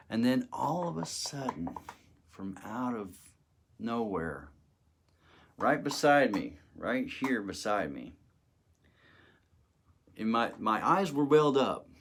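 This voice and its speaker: Slow-talking man telling his testimony. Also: medium pitch. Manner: emotional, dramatic retelling with acted quotes. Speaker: testimony speaker. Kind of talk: personal testimony storytelling.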